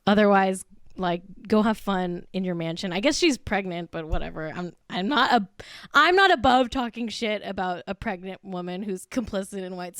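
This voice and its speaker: A woman's voice: mid-range voice, no echo, studio quality. A tipsy woman hosting a celebrity gossip podcast, talking in a giggly, profane, gleefully catty way. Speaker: podcast host. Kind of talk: casual celebrity gossip chat.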